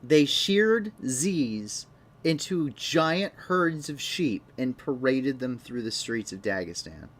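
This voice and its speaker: A man's voice: mid-range voice, expressive, slow, a bit bright. A young man hosting a live online news show, commenting off the cuff in a rambling, sarcastic way with many restarts.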